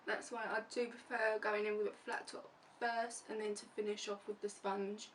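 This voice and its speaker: A woman's voice: medium pitch, flat delivery, normal speed, a bit bright. Chatty woman vlogger, mic set back. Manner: chatty, narrates each step as she goes. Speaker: beauty vlogger. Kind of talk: casual makeup tutorial chat. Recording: distant mic with faint room noise.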